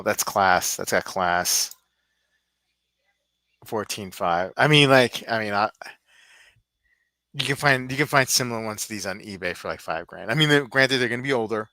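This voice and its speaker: A man's voice: lowish voice, bright, forceful tone, dry recording. A man hosting a casual live stream, rambling and thinking aloud as he browses.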